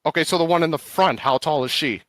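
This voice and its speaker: A man's voice: on the high side, quick pace, fairly bright tone, dry recording, clean studio sound. A man in a heated stream argument, incredulous and defensive, swearing as he pushes back.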